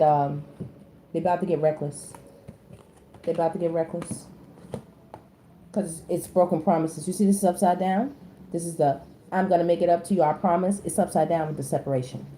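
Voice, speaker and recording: A woman giving a casual tarot reading. She talks to her viewers directly in slangy speech, jumping from loud exclamations to low muttered asides. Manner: slangy, addresses the audience directly. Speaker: tarot reader. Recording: echoey room with faint background noise.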